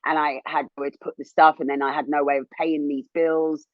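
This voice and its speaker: A woman in her thirties, a TV presenter, telling her own story as an interview guest in a candid, animated way, rising high when indignant. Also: a little fast, no room sound, lo-fi sound. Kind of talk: emotional personal testimony.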